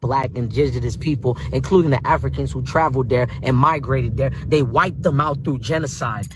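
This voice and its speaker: A man's voice: a little high, a bit bright, slight background noise, low-quality recording. A man delivering a furious, insulting rant straight at someone. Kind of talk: angry rant video.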